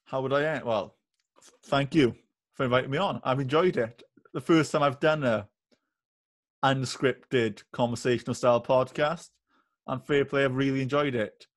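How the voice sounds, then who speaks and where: A young male student appears as a casual podcast guest, easygoing but hesitant, with restarts and filler words. His mid-range voice moves at a moderate pace, and the sound is clean studio audio with no echo.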